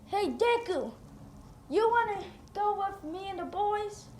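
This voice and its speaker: A woman's voice: extremely high pitch, animated, slow pace, darkish tone, pitched above the performer's own voice, full character voice. A woman voicing an arrogant, bossy teenage boy rival who boasts and sneers, recorded in a roomy space. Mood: cocky. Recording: roomy echo, faint noise.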